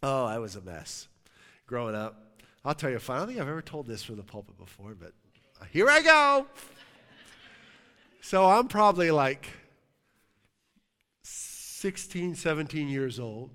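A middle-aged man preaching a sermon as pastor, telling a story in a lively, joking way. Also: medium pitch, normal speed. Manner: animated storytelling, jokes and laughs with the congregation. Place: church sanctuary. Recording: long hall reverb.

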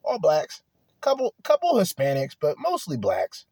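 A man's voice: on the high side, huge pitch swings, a little slow, a little mellow, no room sound, studio quality. A man talking in a blunt, profane, rambling monologue, restarting his sentences often, in a casual chat. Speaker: podcast host.

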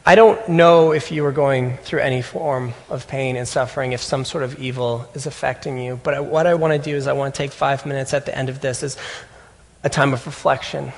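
A man preaching a sermon as a pastor, telling a personal story earnestly with halting restarts. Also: medium pitch, fairly even intonation, long reverb tail.

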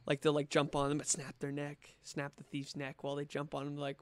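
A podcast guest with a smooth, fairly high voice, chatting loosely and filling his talk with asides. The sound is dry and close. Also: monotone, a little fast, no echo. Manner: loose, chatty, uses many fillers. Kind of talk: casual conversation.

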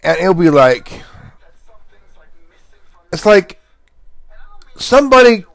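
Casting: high, lively male host, laid-back, slangy, profane, dry close sound. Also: takes it slowly, vocal fry, no echo. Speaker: podcast host. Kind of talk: rambling casual monologue.

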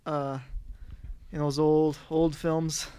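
A woman's voice: sits low, flat delivery, takes it slowly, dark tone, clean tone, no echo. A young woman co-hosting a campus radio talk show, easygoing and explanatory. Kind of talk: casual chat.

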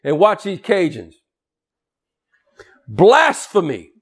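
A man preaching a sermon in a folksy, joking way, swinging from quiet low asides to loud shouting. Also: wildly swooping pitch, slow, breathy edge. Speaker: pastor.

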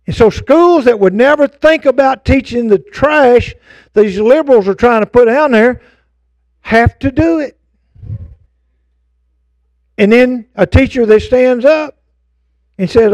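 A man's voice: very high-pitched, unhurried, long pauses, a little mellow, no room sound, muffled recording. An older man preaching a fervent sermon to his congregation, with folksy asides. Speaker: pastor. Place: church sanctuary.

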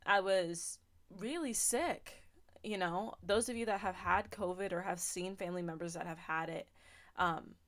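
A woman's voice: lowish voice, measured pace, fairly bright tone. A young woman hosting a podcast, telling a personal faith testimony in an earnest, emotional way, with lots of fillers. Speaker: podcast host.

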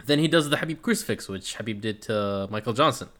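A man's voice: lowish voice, expressive, fast talker, a bit bright. Laid-back swearing man recapping fights. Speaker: podcast co-host. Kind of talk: casual recap chat.

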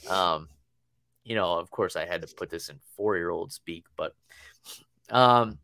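A man's voice: sits low, moderate pace, gravelly, fairly bright tone, no room sound, studio quality. A man in his thirties chatting casually on a podcast, telling long rambling stories and laughing often. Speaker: podcast co-host. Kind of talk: casual chat.

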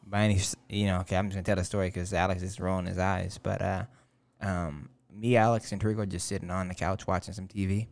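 A man's voice: deep voice, flat delivery, fast, hardly any pauses. A man in casual chat with friends, telling a long story loosely with lots of fillers and swearing. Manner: rambling, loose, profane storyteller with many fillers.

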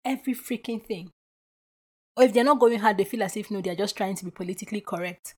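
A woman hosts her own podcast and talks alone in a loose, chatty way. She muses out loud with plenty of fillers and asides. Her voice sits at an ordinary middle pitch. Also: quick pace. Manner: animated storyteller who acts out quoted voices; chatty and reflective with frequent filler words. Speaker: podcast host. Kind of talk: casual solo podcast monologue.

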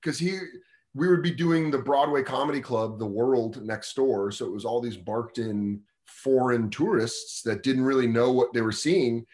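A man in his thirties, a comedian telling stories in a casual podcast chat, animated, acting out voices as he talks. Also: medium pitch, normal speed. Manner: animated storytelling, mimics voices in quotes. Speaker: comedian guest.

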